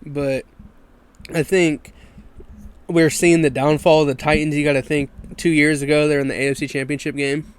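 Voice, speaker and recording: A man's voice: on the high side, moderate pace, clear, resonant tone. A man hosting a casual sports podcast on a video call, laid-back, steering the topics. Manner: relaxed, runs the topics and ad reads. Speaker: podcast host.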